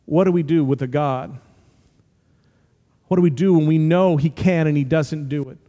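A man preaching a sermon as pastor, animated and acting out voices as he tells stories. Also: a little high, normal speed. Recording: long hall reverb.

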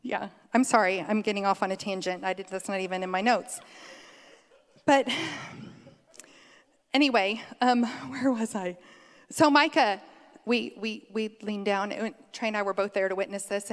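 A middle-aged woman delivers a sermon in a relaxed, chatty way, laughing easily and wandering onto tangents. Her voice sits at an ordinary pitch for a woman. The sound rings out with a long hall reverb, as in a church sanctuary. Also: moderate pace. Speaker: preacher. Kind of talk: conversational sermon.

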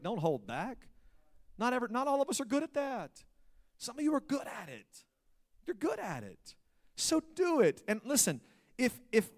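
A pastor preaching a sermon, swinging between loud emphasis and hushed asides. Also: male voice, on the high side.

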